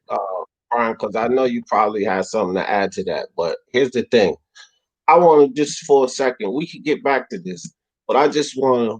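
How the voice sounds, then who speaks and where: A man's voice: fairly low pitch, poor audio. Heated, swearing man hosting a livestream. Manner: animated, swings to shouting, swears freely. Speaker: host of a boxing talk livestream. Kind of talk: heated livestream panel talk.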